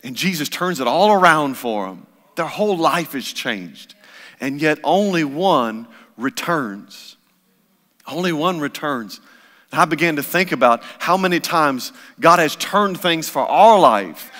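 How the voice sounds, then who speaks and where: A man's voice: on the high side, animated, a little slow, sharp tone. A man preaching a sermon as pastor, impassioned and repetitive in his delivery. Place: church sanctuary. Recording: long church hall reverb.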